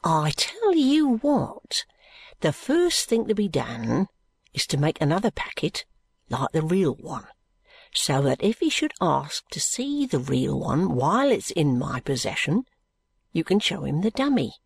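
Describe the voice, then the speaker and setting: A woman reading aloud and voicing an anxious young male law clerk who talks in a nervy, hushed, conspiratorial way. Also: lowish voice, sing-song, unhurried, no echo, voice pushed up, full character voice. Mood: whispered scheming.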